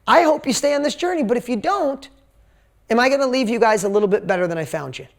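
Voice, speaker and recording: On an event stage before a live seminar audience, a man gives a sales talk in a very high, expressive voice, speaking fast with vocal fry. He tells stories animatedly, acts out quotes and swears casually.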